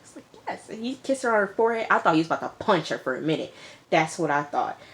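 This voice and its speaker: A woman with a slightly low voice gives a casual episode recap. She is chatty and animated, calls her viewers y'all and girl, and slips into the characters' lines as she goes. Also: fast, a little hiss or hum. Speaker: TV episode reviewer.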